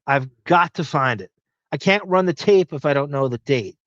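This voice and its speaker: Man, Long Island accent, podcast host; slightly high voice, swearing and rambling through listener comments on dull, dry lo-fi audio. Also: expressive, moderate pace, a bit bright, no room sound. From Long Island, New York. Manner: rambling, profane, thinking aloud. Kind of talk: casual live chat reading listener comments.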